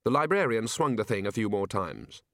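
A man narrating an audiobook in a lively, expressive storytelling manner. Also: on the low side, moderate pace, no room sound, studio quality.

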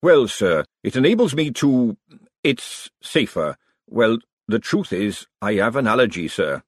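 A man's voice: fairly low pitch, sing-song, a little slow, breathy edge, dry recording, clean studio sound, exaggerated voice. A man voicing a nervous, hapless male chef who talks apologetically and miserably.

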